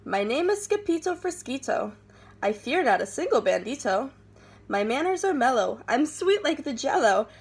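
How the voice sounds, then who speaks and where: A woman's voice: high voice, sing-song, normal speed, husky, exaggerated voice. A woman voicing a playful, boastful young male kitten in a sing-song put-on Spanish accent.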